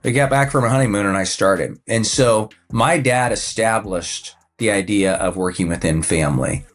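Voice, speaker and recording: A man in his fifties, a financial advisor and coach, talks about his work as a podcast guest in a relaxed, anecdotal way, with frequent fillers and restarts. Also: on the low side, moderate pace. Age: 50s. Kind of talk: casual conversational storytelling.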